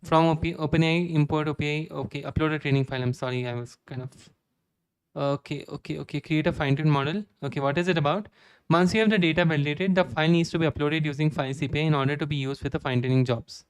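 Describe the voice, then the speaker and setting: A young man with an Indian accent streaming live code, reading documentation aloud and thinking out loud with many "okay"s. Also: fairly high pitch, fairly even intonation, fast, smooth, no room sound. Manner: reads docs aloud, frequent "okay" fillers.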